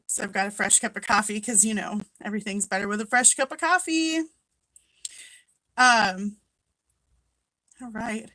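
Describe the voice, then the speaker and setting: A chatty woman from Minnesota hosts a relaxed livestream from home, greeting each viewer by name with easy laughter. Her voice is bright and forward, sitting at an ordinary middle pitch. The webcam sound is close and dry, with no room behind it. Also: moderate pace, pauses often, no echo, poor audio. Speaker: craft seller hosting a live chat. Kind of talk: casual live-stream chat.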